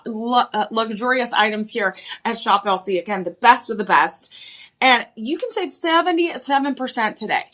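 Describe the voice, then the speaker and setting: A young adult woman hosting a live shopping channel, pitching jewelry with bubbly enthusiasm and lots of repetition. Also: fairly bright tone. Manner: enthusiastic, repetitive, peppered with "again" and restarts.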